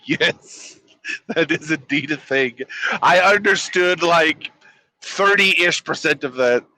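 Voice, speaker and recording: A man's voice: fairly high pitch, takes it slowly, pushed and bright, rough recording. A man co-hosting a casual podcast, throwing in wry, joking asides. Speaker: podcast co-host. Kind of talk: casual chat.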